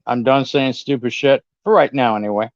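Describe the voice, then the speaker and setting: A man's voice: medium pitch, brisk, dry recording. A man from California on a casual livestream chat, defensive and defiant, plain-spoken with some swearing. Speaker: guest on a livestream. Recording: dry, dull lo-fi stream audio.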